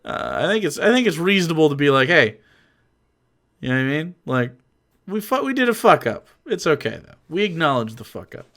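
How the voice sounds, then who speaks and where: A man streaming, reacting to a clip with profane ranting commentary, laughing often and swinging from mumbles to shouts. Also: a little high, sing-song, fast talker.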